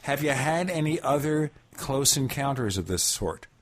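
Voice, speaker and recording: A man's voice: mid-range voice, expressive, normal speed, slight background noise. A man hosting a radio talk show, introducing guests with wry jokes. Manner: wry, joking.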